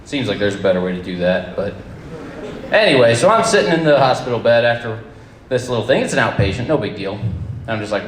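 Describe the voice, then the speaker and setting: A man tells a personal story live to an audience, with wry, deadpan humor and the odd curse. His pitch swings widely as he talks. The sound is roomy, with a faint hum of ambient noise behind him. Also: fairly quick. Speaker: storyteller at a campfire event.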